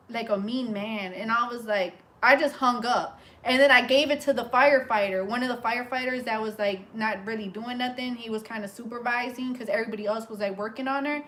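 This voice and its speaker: A young woman with a somewhat high-pitched voice tells a story in an animated, casual way. Her retelling tumbles forward with frequent fillers and restarts, as if she is chatting while she works on someone's hair. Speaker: hairstylist and vlogger.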